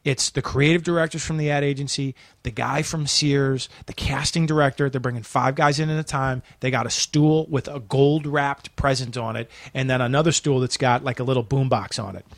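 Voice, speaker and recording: A man's voice: mid-range voice, fairly even intonation, brisk, hardly any pauses, dry recording. A man telling a long comic story as a podcast guest, swearing often, acting out the other people's lines and laughing through them. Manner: acts out characters, swears, laughs a lot. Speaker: comedian guest. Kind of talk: animated storytelling.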